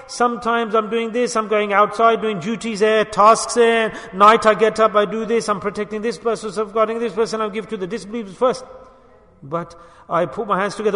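High bright-voiced male preacher, echoing hall. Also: steady tone, moderate pace. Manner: impassioned, rising to loud emphatic peaks. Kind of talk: sermon storytelling. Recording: long hall reverb.

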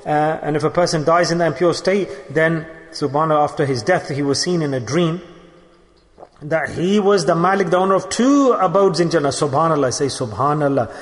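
A man's voice: a little high, a little fast. Man preaching in a reverberant hall. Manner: storytelling, quotes Arabic verses. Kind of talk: sermon.

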